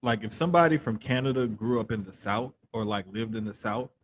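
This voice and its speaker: A podcast co-host in casual sports chat, talking in an animated, slangy way. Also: male voice, lowish voice, fairly quick, slight background noise. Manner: animated, slangy, talks of having to control his accent on radio.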